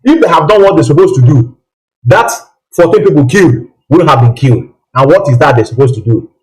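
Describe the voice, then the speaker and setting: A man hosts a live call-in show, his voice pitched a little high. He drives his points home by repeating himself and firing rhetorical questions at his listeners. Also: animated, a little fast, a little mellow, rough recording. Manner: emphatic, repetitive, full of rhetorical questions. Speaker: host of a live call-in broadcast. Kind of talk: political call-in talk.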